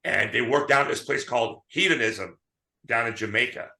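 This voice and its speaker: A man's voice: mid-range voice, moderate pace, echoey room. A man co-hosting a casual movie chat, telling stories animatedly and acting out quotes. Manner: animated storytelling, acts out quotes. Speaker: podcast co-host.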